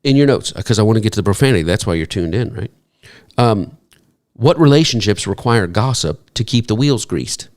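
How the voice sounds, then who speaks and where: A man preaching a sermon as pastor, talking in a conversational, humorous way and jumping up in pitch to act out what people might say. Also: a little fast. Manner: animated, jumps into high-pitched acted quotes; conversational, self-deprecating humor.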